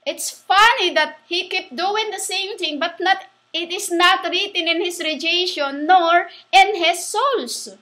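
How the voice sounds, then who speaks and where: A woman giving a rambling religious monologue, halting and restarting, spelling words out letter by letter. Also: very high voice, bright, forceful tone. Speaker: self-styled preacher.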